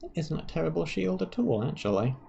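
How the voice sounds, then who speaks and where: A man's voice: a little high, sing-song, a little fast, gravelly, dark tone, slightly rough, lo-fi sound. A man streaming a game live, reading quest text aloud and making dry, wry asides as he plays. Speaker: gaming streamer.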